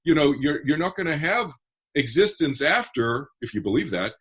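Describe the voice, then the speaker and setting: A man's voice: on the high side, big pitch swings, normal speed, fairly bright tone, husky. A man who is a guest author on a podcast, explaining his ideas earnestly and step by step. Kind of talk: podcast interview.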